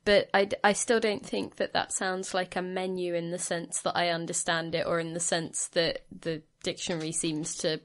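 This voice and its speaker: A woman's voice: lowish voice, little pitch movement, moderate pace, hardly any pauses. A woman co-hosting a casual podcast chat, chatty and teasing. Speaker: podcast co-host.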